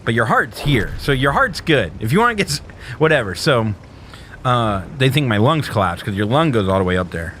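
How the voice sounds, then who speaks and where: Guy from a small town telling a crazy story, swears a lot, laughing, medium pitch, bit of background hiss. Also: fairly quick. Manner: animated, profane, laughing through his story. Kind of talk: casual storytelling.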